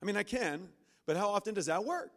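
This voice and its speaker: A male pastor preaching from a church stage in an animated way. His voice sits a little high for a man, and he jumps into loud, high-pitched bursts when he acts out the voices in people's heads. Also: brisk. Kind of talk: sermon.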